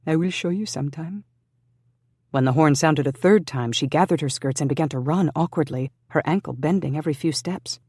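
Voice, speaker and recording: An audiobook narrator reading a historical romance in an even, measured way. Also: mid-range voice, slightly rough, no room sound, clean studio sound.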